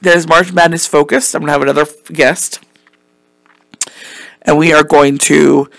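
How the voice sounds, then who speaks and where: A man's voice: a little high, fairly even intonation, moderate pace, creaky, a bit bright, dry recording. A man hosting a casual solo podcast, rambling and chatty with lots of ums and some swearing, while losing his voice. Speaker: podcast host.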